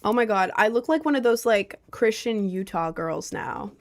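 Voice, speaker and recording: A woman's voice: medium pitch, animated, moderate pace. Young woman streamer, casual chat, rambling and self-mocking.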